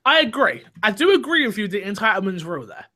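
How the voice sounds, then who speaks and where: A man's voice: high-pitched, very animated, fast talker, sharp tone. A young man hosting a gaming podcast, chatty and rambling in a casual way. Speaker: podcast host.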